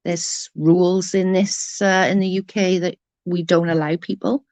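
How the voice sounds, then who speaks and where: A woman's voice: on the low side, little pitch movement, measured pace, darkish tone, no room sound. Sweary Welsh woman in her forties. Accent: Welsh, Newport. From Wales. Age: 40s. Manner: blunt, sweary, sarcastic. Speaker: vlogger. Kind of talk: casual ranting chat.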